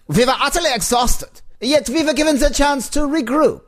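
An overexcited German villain sergeant. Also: male voice, very high-pitched, moderate pace, voice pushed up. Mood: gleeful. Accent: exaggerated German accent put on. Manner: overexcited, rising to squeals. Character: excitable villainous German male army sergeant.

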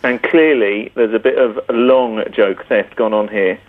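A man's voice: on the low side, measured pace. A man from the UK, a police officer, calling in to a radio show and playing along with mock indignation. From United Kingdom. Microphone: telephone. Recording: tinny phone line.

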